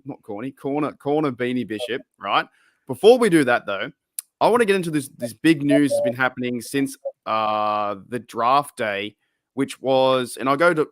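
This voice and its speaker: A man's voice: mid-range voice, a bit bright, dry recording. Australian man, podcast host, casual rambling chat, dry close sound, many restarts. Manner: loose, rambling, frequent restarts.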